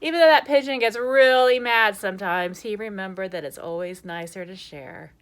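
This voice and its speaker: In a mid-range voice at a moderate pace, a woman teacher shares a picture book with young children and works on their letters. Her manner is gentle and encouraging, and she poses questions to them.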